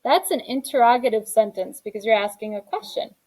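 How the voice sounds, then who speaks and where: A young adult woman with a fairly high, darkish voice talks a little fast in a rough recording. She's teaching a grammar lesson in a classroom, reading each exercise aloud and then explaining the answer.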